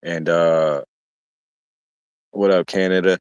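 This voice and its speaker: A man's voice: deep voice, steady tone, takes it slowly, clear, resonant tone, dry recording, muffled recording. A man streamer casually telling a personal story in slangy, profane speech, with frequent restarts.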